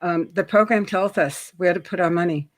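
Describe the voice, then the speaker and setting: A middle-aged woman from New York with a New York accent, a guest chatting casually about credit, often pausing with ums and clearing her throat. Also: on the low side. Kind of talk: casual interview chat.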